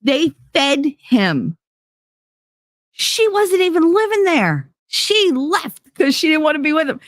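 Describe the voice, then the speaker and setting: With big pitch swings in a high-sitting voice, this middle-aged podcast host recounts a story bluntly and casually, quick to curse, voicing both sides of every conversation in changing voices. The recording is dry and clean, with studio sound.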